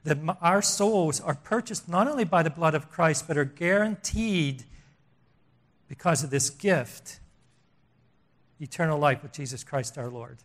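Older male preacher, higher voice, emphatic sermon delivery with sudden hushed drops. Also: expressive, measured pace. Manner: emphatic, repetitive, swings between loud and hushed.

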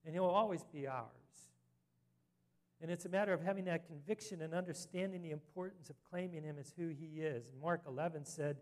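A man's voice: on the high side, fairly quick. A man preaching an earnest sermon as a pastor, rising to emphatic scripture reading.

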